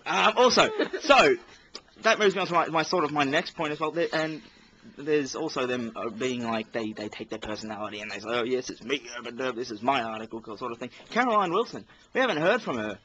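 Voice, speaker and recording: Exasperated Australian podcast co-host, higher voice, rants and rambles, light background noise. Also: male voice, expressive, a little fast, pushed and bright, dull audio. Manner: ranting, exasperated, talks over others. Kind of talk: casual sports chat.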